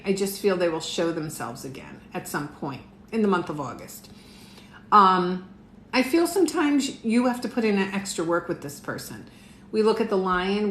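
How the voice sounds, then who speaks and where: A middle-aged woman does a relaxed live tarot reading from a room in her home, chatting with viewers and laughing a lot. Her mid-range voice is expressive and moves at a moderate pace. The room echoes, with a bit of faint noise.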